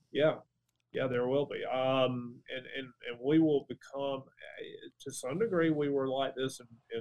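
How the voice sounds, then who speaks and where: Male academic, middle-aged, medium pitch, measured explainer voice for an interview guest. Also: a little mellow, lo-fi sound. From Georgia, USA. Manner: thoughtful, restarts phrases with "and, and" and "uh" while explaining. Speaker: political science professor, guest. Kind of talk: conversational interview.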